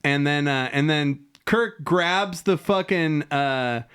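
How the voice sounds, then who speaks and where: A man's voice: on the high side, slow, a bit bright, clean tone. A man co-hosting a podcast in casual chat, swearing freely and acting out lines from the episode he is recapping. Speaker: podcast co-host.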